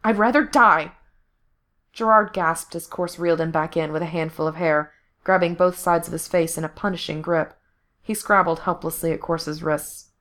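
A woman reads fiction aloud as narrator, in a steady, even storytelling voice. Her pitch sits somewhat low for a woman. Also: moderate pace. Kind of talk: fan fiction reading.

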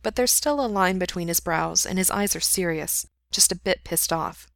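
A woman reading a story aloud in a steady, intimate way. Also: on the low side, moderate pace, vocal fry, hardly any pauses, no echo, clean studio sound. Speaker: story reader. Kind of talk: reading fan fiction aloud.

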